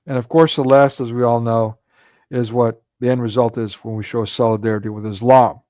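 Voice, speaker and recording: A man's voice: medium pitch, fairly even intonation, a little fast, mellow, no room sound. A man hosting a casual livestream commentary, talking in a rambling way with frequent restarts and filler words. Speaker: livestream host.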